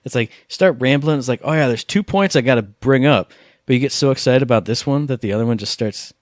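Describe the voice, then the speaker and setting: Male podcast co-host, mid-range voice, dry close sound, excitable rambler. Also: mid-range voice, quick pace, no echo. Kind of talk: casual gaming chat.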